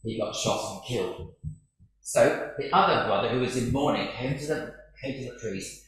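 A man's voice: mid-range voice, normal speed, a bit bright. A man preaching a sermon, a chatty, self-deprecating storyteller. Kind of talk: sermon with humour. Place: large church. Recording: very echoey church.

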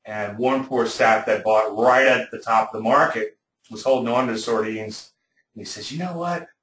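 A man's voice: fairly low pitch, steady tone, moderate pace, fairly bright tone, slight background noise. A man with a Cajun accent teaching trading over charts, folksy and chatty, telling stories with plenty of fillers. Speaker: trading educator. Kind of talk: webinar lecture on stock charts. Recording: echoey room.

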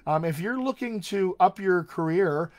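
Man, dialect coach, slightly high voice, live online lesson, slow exaggerated drills, chatty encouragement. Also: lively intonation, darkish tone. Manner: demonstrative, slows right down for drills and repeat-after-me text. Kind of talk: live-streamed voice and accent lesson.

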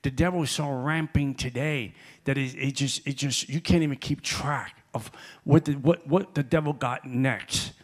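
Animated male preacher, many restarts. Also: mid-range voice, normal speed, few pauses. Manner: animated, voice rising when telling stories; repeats words and restarts often. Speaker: guest preacher. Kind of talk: sermon. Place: church hall.

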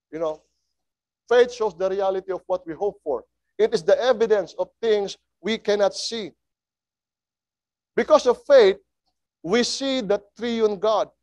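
A man preaching a sermon in a slow, emphatic way, asking his listeners rhetorical questions. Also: high voice, darkish tone, no echo.

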